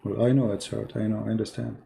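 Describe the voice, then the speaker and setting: A man's voice: lowish voice, little pitch movement, fast, gravelly, dark tone, a little hiss or hum. A man hosting a live call-in debate show, talking insistently and repeating his points for emphasis.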